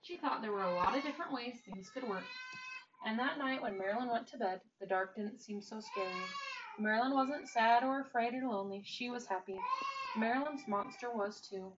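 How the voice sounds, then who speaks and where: A woman's voice: fairly high pitch, fairly quick. Woman reading a storybook from afar. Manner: gentle, expressive, varies loudness. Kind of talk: reading a children's picture book aloud. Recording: distant dull mic, faint hiss.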